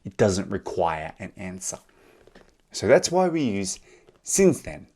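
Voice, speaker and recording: A man with an Australian accent teaching an English lesson, speaking slowly and clearly and slipping into Korean translations. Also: fairly low pitch, very animated, darkish tone.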